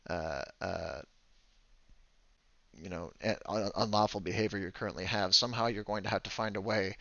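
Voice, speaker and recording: A man voicing the calm, firm male leader of a secret faction on a ship, speaking in a measured, halting way. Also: lowish voice, gravelly, no echo, dull audio. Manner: measured, halting, with many fillers.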